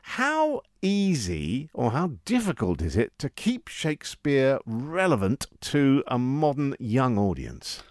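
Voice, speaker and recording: Upbeat male radio presenter, animated pitch, dry close studio mic. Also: takes it slowly, few pauses, dry recording. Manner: upbeat presenter, lively intonation. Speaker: radio host. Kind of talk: radio interview.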